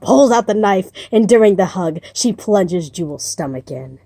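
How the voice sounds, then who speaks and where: A woman rambling playfully through a story pitch, amused at her own ideas. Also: measured pace, dark tone, no echo, studio quality.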